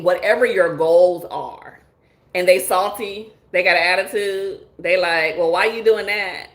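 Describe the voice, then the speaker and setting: On her live stream with features, a woman therapist playfully and energetically reads chat comments, frequently laughing and impersonating the people she quotes. Her pitch is fairly low and the audio has a roomy quality.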